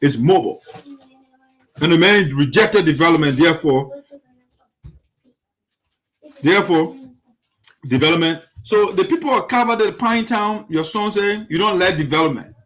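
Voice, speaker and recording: Indignant high-voiced man. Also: lively intonation, normal speed, pauses often, fairly bright tone. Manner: indignant, rhetorical questions, repeats points. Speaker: commentary show host. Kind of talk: critical political commentary.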